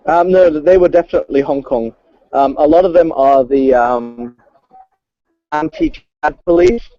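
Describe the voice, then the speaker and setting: A field reporter gives a live report from a city street over a mobile stream, his phone audio dark with the highs cut off and no room sound. His slightly high voice swings widely in pitch, and he speaks unhurriedly, hesitating and using lots of fillers.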